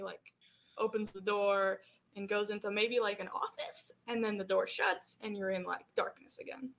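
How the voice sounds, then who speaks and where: A woman's voice: medium pitch, fairly bright tone. A woman running a tabletop game as game master, narrating casually with lots of fillers.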